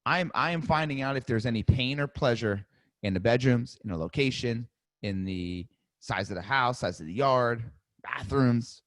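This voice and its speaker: A man coaching real estate agents in a live webinar, energetic and demonstrative, often acting out sales calls. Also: medium pitch, moderate pace, no echo, studio quality.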